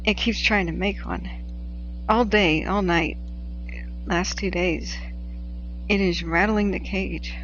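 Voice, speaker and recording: A woman's voice: on the low side, steady tone, slow pace, long pauses, a bit bright, lo-fi sound, a little hiss or hum. A woman from the Pacific Northwest hosting a casual livestream, chatting, laughing often and reading viewer messages aloud. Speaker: livestream host tracking wildfires.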